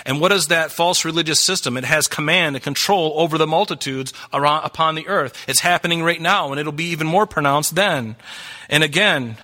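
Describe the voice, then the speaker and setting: A man's voice: fairly high pitch, brisk, pushed and bright. A man preaching a sermon as pastor, earnest and urgent, asking the congregation many questions.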